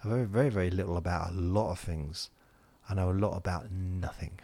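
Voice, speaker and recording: Man, deep low voice, sleep podcast host, rambling monologue, self-interrupting. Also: steady tone, fairly quick, warm tone. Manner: meandering, self-interrupting, drifting between points.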